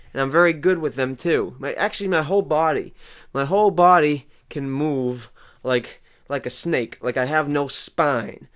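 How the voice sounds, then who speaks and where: A man's voice: a little high, a bit bright, smooth. A man hosting a comedy show, delivering a rambling, self-important monologue full of absurd boasts and asides. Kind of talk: deadpan comic monologue.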